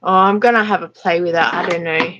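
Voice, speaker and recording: A woman's voice: fairly low pitch, fairly even intonation, a little fast, pushed and bright, dull audio. Chatty Australian woman on a livestream. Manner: chatty, laughs often, reads out viewer comments. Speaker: livestream host. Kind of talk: casual live chat.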